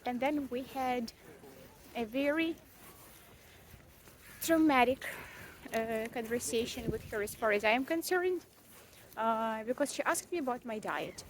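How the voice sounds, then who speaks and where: A woman's voice: a little high, lively intonation, measured pace, long pauses, a little hiss or hum. A young mother venting in a casual, rambling vlog, frank and self-mocking, with frequent swearing and fillers. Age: young adult. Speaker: vlogger, mother.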